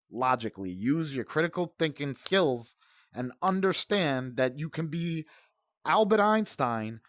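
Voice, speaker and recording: A man's voice: a little high, no room sound, studio quality. A man in his forties hosting a gaming channel, ranting in profane, heated, rambling commentary. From United States.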